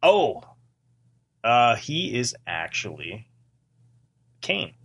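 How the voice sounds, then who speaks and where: Husky, lively-voiced man chatting. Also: medium pitch, very slow. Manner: laughs often, animated and joking. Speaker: podcast co-host. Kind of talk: casual chat.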